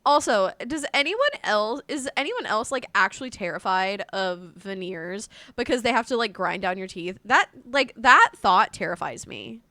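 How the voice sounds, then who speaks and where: A woman from North Carolina with a North Carolina Southern accent, chatting casually with viewers on a live stream in a rambling, animated way. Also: mid-range voice, normal speed, hardly any pauses, no room sound.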